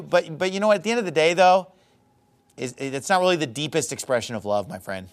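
A man preaching a sermon, quoting scripture in old wording and explaining it with lively asides. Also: on the high side, quick pace. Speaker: pastor.

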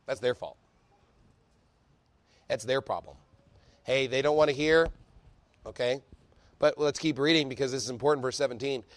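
A man preaching a sermon with fervor, reading scripture quickly and building up to shouting. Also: medium pitch, no room sound. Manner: fervent preaching, rising to shouts; reads scripture aloud quickly. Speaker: pastor.

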